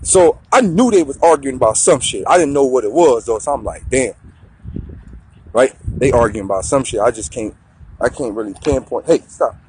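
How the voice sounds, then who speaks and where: A man telling a story in a profane, slangy, animated way on a talk show. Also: mid-range voice, a little fast, slight background noise.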